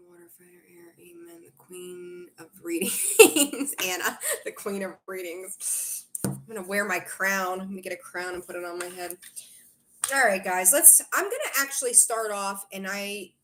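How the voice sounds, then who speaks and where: A woman's voice: mid-range voice, bright, forceful tone, a little hiss or hum. Chatty woman hosting a tarot livestream. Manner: chatty, rambling, reads out viewer comments; frequent fillers and self-corrections. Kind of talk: casual livestream chat.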